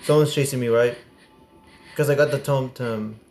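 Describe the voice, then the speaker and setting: A young man commentating a horror game as he plays, excitable and prone to sudden yelps and swearing. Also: mid-range voice, moderate pace, reverberant, faint music behind. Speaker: gaming streamer. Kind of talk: gameplay commentary.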